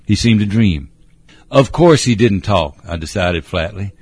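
A man narrating a story in a measured, descriptive way. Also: lowish voice, animated, darkish tone, slightly rough, dry recording. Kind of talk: storybook reading.

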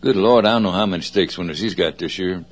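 Southern guy on the radio, lowish voice, easygoing, lots of uh's and corrections as he goes. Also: slightly rough. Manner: unhurried, folksy, many fillers and self-corrections. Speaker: radio host. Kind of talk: casual rambling radio talk. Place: radio studio.

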